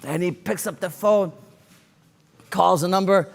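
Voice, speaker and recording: A man telling a story in a lively, sing-song way, acting out the scenes. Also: high voice, measured pace, gravelly, pauses often, big-room sound. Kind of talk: animated oral storytelling.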